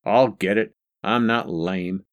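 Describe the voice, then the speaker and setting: A man voicing a curt, gruff old father who smokes heavily and speaks bluntly. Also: lowish voice, slow. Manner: blunt, dismissive, clipped.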